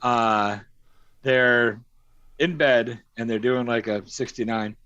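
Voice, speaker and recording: The man's medium-pitched voice moves slowly as he tells a crude, swear-laden anecdote on a casual stream, dramatizing the quotes. The recording is dry and the audio dull.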